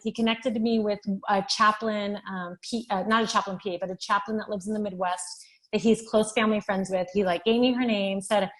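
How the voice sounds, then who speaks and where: A woman in her thirties, a physician assistant, telling her story as a podcast guest, animated and at times tearful. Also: medium pitch, rough recording. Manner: animated storytelling, acting out dialogue. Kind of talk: podcast interview, personal testimony.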